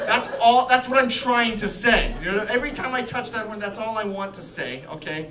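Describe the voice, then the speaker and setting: Stand-up comic, man, high voice, animated, loud laughing crowd. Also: recorded from a distance. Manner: animated, acts out voices in quick bursts. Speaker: stand-up comedian. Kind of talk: stand-up comedy set. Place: comedy club stage with live audience. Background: audience laughter.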